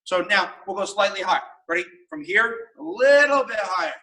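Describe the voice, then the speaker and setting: A man's voice: high-pitched, expressive, brisk, pushed and bright, recorded from a distance, poor audio. A man teaching a martial arts class on video, upbeat and coaching as he counts out the kicks.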